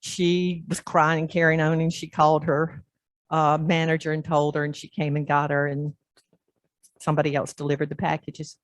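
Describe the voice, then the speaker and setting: A woman pastor preaching in church, telling a story in an animated way and acting out the scenes. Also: deep voice, normal speed. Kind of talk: sermon storytelling.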